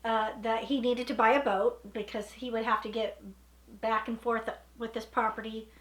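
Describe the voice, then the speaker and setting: A woman's voice: fairly high pitch, little pitch movement, moderate pace, a bit bright, echoey room. A woman chatting casually, prompting the story with questions and laughing often. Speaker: co-host. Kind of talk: casual chat.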